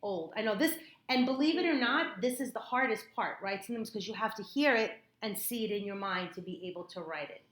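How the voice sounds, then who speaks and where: A woman tutoring a child in phonics one-on-one, patient and encouraging, repeating words slowly in a classroom. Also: medium pitch, fairly bright tone. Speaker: reading tutor. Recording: echoey room, faint noise.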